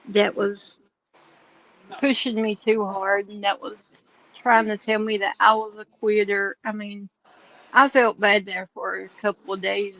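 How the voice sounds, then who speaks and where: A woman telling a long, animated story to her livestream chat, drawling and breaking into laughs. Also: medium pitch, highs cut off. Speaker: livestream host.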